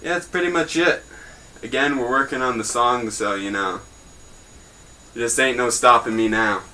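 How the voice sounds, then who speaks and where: A man's voice: medium pitch, normal speed, bright, forceful tone, a little hiss or hum, rough recording. A young man hosting a homemade news show in a rambling, crude, joking way. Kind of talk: casual mock newscast.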